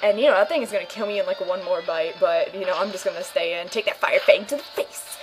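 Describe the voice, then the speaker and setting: A woman's voice: fairly low pitch, fast talker, over music, poor audio. A young woman casually commenting on her own game playthrough, rambling and joking as she goes. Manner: rambling, jokey, puts on silly voices. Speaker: gamer doing a let's play.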